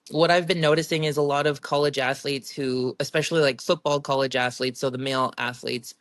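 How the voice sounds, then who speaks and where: A young adult woman, a professional strongwoman appearing as a guest, tells stories from her competitions in a casual interview. Her low-pitched voice is chatty, giggly, and animated, and she laughs often. The audio is studio quality with no echo.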